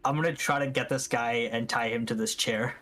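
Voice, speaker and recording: A man's voice: mid-range voice, fairly even intonation, brisk, sharp tone. A man playing a tabletop game, talking casually about his moves and often restarting his sentences. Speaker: player.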